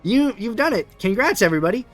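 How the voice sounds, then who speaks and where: A man's voice: high voice, very animated, fast, soft background music. A man narrating a tabletop game as game master, rambling with many fillers. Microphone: webcam setup.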